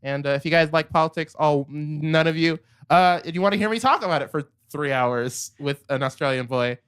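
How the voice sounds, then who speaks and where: A young man chatting casually as a podcast co-host, his voice sitting a little high. He is easygoing and agreeable, dropping into half-finished starts. The sound is close and dry with no room around it. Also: a little fast, fairly bright tone, smooth, no room sound. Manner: laid-back, agreeable, lots of "yeah" and trailing starts. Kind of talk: casual chat.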